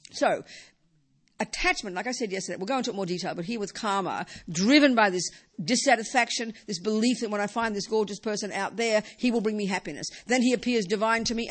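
A woman teaching Buddhism to a live audience in a hall, lively and joking, repeating words for emphasis. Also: medium pitch.

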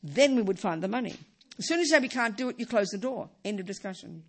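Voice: mid-range voice, animated, quick pace, a bit bright. A middle-aged Buddhist teacher giving a dharma talk, emphatic and repeating key phrases.

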